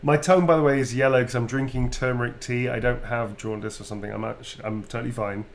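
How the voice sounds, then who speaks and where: A man signs autographs on a livestream, chatting playfully and easily and laughing often. He speaks fast in a mid-range voice with fairly even intonation, in a casual live chat.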